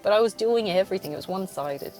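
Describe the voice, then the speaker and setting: A woman's voice: mid-range voice, expressive, fast, darkish tone, faint music behind. A young woman hosting a solo podcast from a car, venting bluntly, swearing often and laughing between thoughts. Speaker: podcast host.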